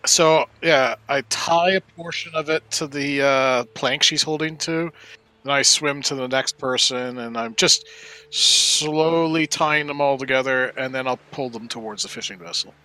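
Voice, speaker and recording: A man's voice: medium pitch, moderate pace, bright, forceful tone. A man playing a tabletop game, casually laying out his character's plans step by step. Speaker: player. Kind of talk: tabletop role-play chat.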